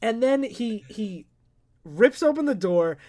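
A man's voice: high voice, animated, slow, darkish tone. A man casually recapping a comic book with friends, telling the story with quoted voices and swearing. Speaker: podcast co-host.

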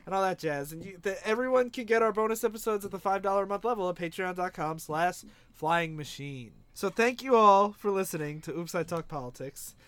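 High-voiced young man, dry joking. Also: a little fast, fairly bright tone, smooth, no echo. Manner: joking, laughs often. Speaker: podcast co-host. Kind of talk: casual podcast banter.

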